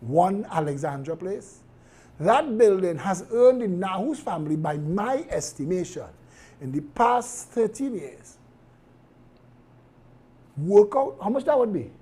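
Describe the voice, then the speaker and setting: A Trinidadian man hosting a live political talk show, his voice mellow and dark with a husky edge. He is outspoken, swinging from a calm, measured delivery to loud, punchy emphasis. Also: high-pitched. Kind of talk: live commentary.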